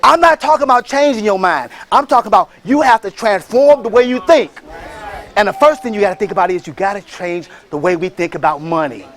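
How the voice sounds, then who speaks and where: High-voiced man preaching business success. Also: lively intonation, fairly quick. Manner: preacher-like, rallying the crowd with call-and-response and shouted bursts. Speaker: motivational speaker and franchise entrepreneur. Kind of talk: motivational speech.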